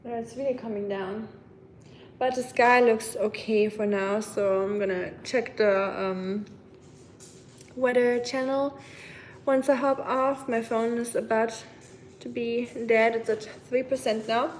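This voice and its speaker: A woman hosts a casual livestream, chatting and replying to viewer comments. Her voice sits a little high. Faint background noise runs under the recording. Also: fairly even intonation, measured pace. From Germany. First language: German. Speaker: livestream host. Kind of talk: casual live chat with viewers.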